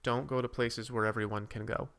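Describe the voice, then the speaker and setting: Gravelly man chatting on a livestream. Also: mid-range voice, level tone, brisk, a bit bright. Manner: rambling, reads and answers chat; drawing while talking. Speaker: streamer host. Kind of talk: casual livestream chat.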